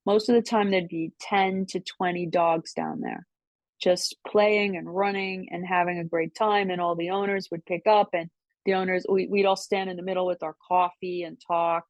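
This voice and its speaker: An older woman, a podcast guest, telling casual stories in an animated way, laughing often and mimicking voices. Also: fairly low pitch, moderate pace, dry recording. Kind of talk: casual storytelling. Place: New York City.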